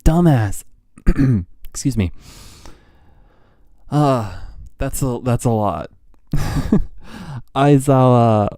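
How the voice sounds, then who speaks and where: A young male streamer gives live reaction commentary in an unhurried, mellow voice. His tone is smooth and clean. The sound is dry and close. He reacts as an excitable fan, gasping, laughing and losing his train of thought. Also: mid-range voice, dry recording. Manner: excitable fan, gasps, laughs and frequent trailing restarts. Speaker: streamer reacting to a manga chapter.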